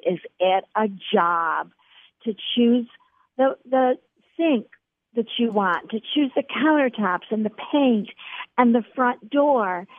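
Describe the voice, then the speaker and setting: A woman's voice: medium pitch, no echo. A middle-aged woman guest on a faith radio interview, speaking earnestly and encouragingly to the host. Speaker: author and guest. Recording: tinny phone line.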